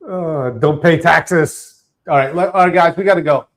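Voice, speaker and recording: A man's voice: a little high, moderate pace. A male show host who keeps trying to wrap up a casual news chat and sounds exasperated.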